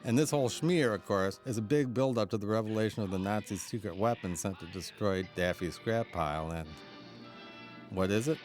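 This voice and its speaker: A man's voice: on the low side, fairly quick, over loud music. A man giving a chatty DVD audio commentary as a film historian, chuckling often as he explains. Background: faint cartoon soundtrack.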